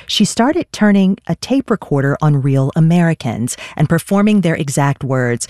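Woman, radio host, measured, scripted intro, dry close sound. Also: sits low, darkish tone, dry recording. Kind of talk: radio interview.

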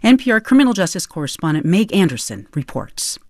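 A woman news host presenting a scripted story introduction in a lively, expressive way. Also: lowish voice, brisk, no room sound, studio quality.

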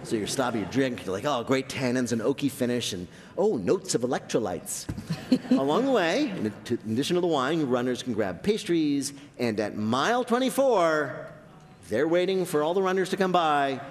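A man hosting a live radio quiz show on a theater stage, bantering and joking with the caller and laughing often. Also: mid-range voice. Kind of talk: lively comedic radio hosting. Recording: long theater reverb.

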